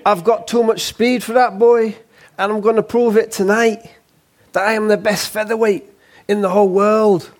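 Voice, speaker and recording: A swaggering young fighter with a Cockney twang, as a preacher puts him on, his voice jumping well above the speaker's own. He brags with brash, wide-boy confidence. It is a quick impression inside a sermon. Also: sits high, level tone, pitched above the performer's own voice, lightly acted. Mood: boastful. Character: cocky young male boxer, boastful wide boy.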